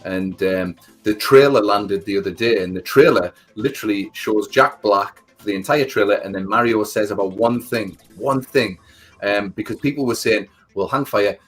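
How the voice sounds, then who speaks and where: A man co-hosting a casual livestream, telling stories in a rambling, animated way. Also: lowish voice, moderate pace, breathy edge, soft background music. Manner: rambling, animated storytelling, many fillers. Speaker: livestream co-host.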